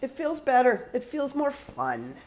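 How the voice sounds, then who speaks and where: A woman's voice: high voice, sing-song, a little slow, darkish tone, low-quality recording. A woman from Canada hosting a live cooking stream in a casual, chatty way, laughing often and answering viewers as she cooks. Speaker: cooking show host.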